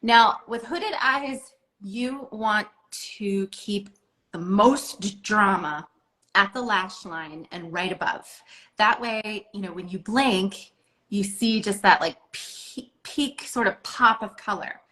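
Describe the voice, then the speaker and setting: A woman's voice: mid-range voice, slow, sharp tone, poor audio. A woman teaching a makeup lesson, coaching step by step in an encouraging, hands-on way with casual filler words. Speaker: makeup instructor. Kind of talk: instructional makeup tutorial.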